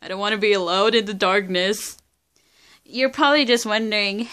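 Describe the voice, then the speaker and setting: Melodramatic young woman vlogger, bright voice. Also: medium pitch, moderate pace, clean tone. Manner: melodramatic, swings from yelling to flat mumbling. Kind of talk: casual home vlog. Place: home in the dark.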